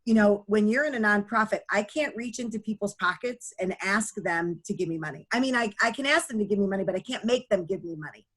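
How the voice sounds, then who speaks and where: A woman's voice: mid-range voice, fast talker, few pauses, fairly bright tone. A middle-aged woman, a nonprofit founder, telling her story as a guest in an earnest, chatty way with many fillers. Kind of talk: conversational storytelling.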